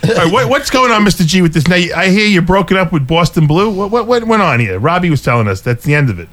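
A man's voice: high-pitched, sing-song, fairly bright tone. A man hosting a radio show, teasing the others and steering the talk. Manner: quick, teasing, takes charge of the talk. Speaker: radio host.

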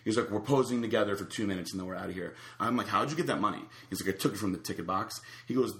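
A man's voice: on the low side, echoey room. A man casually telling a long anecdote, acting out the other people's lines. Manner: animated storyteller acting out quotes. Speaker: storyteller guest.

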